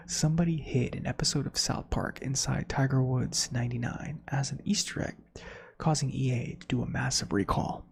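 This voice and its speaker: A man hosting a soft-spoken ASMR reading of facts, softly whispering with chatty asides. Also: medium pitch, fairly even intonation, moderate pace, gravelly, pauses often, slightly rough. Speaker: ASMR host.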